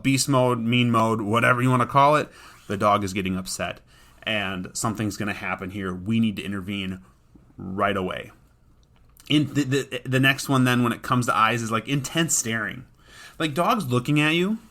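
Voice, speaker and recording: A man's voice: fairly low pitch, bright, forceful tone. A man hosting a podcast about dog training, talking in an earnest, conversational way and often restarting his sentences. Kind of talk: casual podcast monologue.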